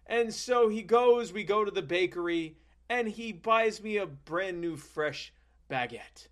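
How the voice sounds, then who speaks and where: A young man improvising a rambling comic story, full of halting restarts and playful asides. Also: high voice.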